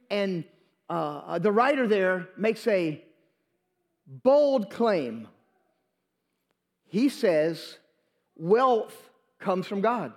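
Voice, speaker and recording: A man preaching a Sunday sermon in church, repeating phrases for emphasis and restarting words as he goes. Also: high-pitched. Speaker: pastor. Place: church during a live Sunday service. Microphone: handheld or stand microphone.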